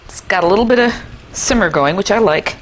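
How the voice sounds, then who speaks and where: A woman's voice: mid-range voice, expressive, a little fast, a little hiss or hum. Chatty woman hosting a cooking demo. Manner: chatty and enthusiastic, with playful asides. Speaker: cooking show host. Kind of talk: cooking demonstration. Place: kitchen.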